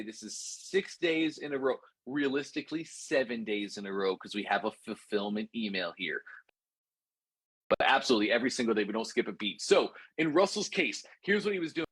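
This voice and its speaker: A man teaching a course, telling a lesson story in an animated, repetitive way and calling his listeners "guys". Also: mid-range voice, normal speed, breathy edge, dry recording. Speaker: course instructor.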